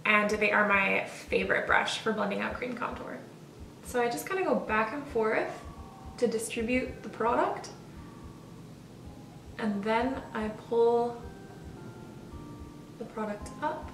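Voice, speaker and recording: A woman's voice: on the high side, a little slow, vocal fry, a bit bright, a little hiss or hum. A woman chatting casually through a makeup tutorial, friendly and self-deprecating. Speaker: beauty vlogger. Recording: roomy, distant mic, faint music.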